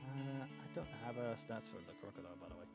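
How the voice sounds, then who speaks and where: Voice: mid-range voice, fast talker, loud music behind the voice. A player in an improvised tabletop game, playful and laughing a lot. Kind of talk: casual tabletop game play.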